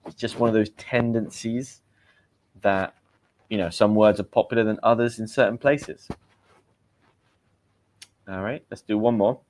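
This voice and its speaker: His voice is fairly low and darkish, with fairly even intonation, a slightly slow pace and long pauses. The British man is a livestream host teaching English vocabulary, chatting as he poses quiz questions and reads viewers' comments aloud.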